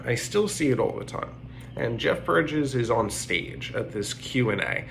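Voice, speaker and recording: A man's voice: fairly low pitch, fairly bright tone, a little hiss or hum. A man giving a casual political commentary monologue, rambling and opinionated, with frequent restarts.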